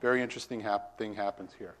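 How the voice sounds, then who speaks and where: A male preacher moves through a passage verse by verse, chatting casually with his congregation and asking them questions, his emphasis building as he reads scripture aloud. He talks fast in a lowish, fairly bright voice with fairly even intonation.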